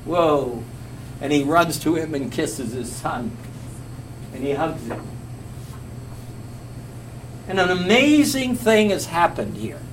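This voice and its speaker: A man's voice: on the high side, slow, pauses often. Guy teaching bible class, asks the class questions, sounds far off w a faint hum. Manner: animated storytelling, quizzing the class. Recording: echoey, from a distance, faint hum.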